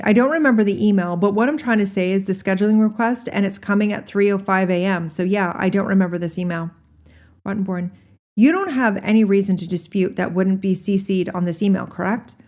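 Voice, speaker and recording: A woman reading a deposition transcript aloud, naming each speaker before their lines in a plain, measured way. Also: medium pitch, darkish tone. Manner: announces speaker names before each quoted answer. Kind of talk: solo reading of transcript, all parts.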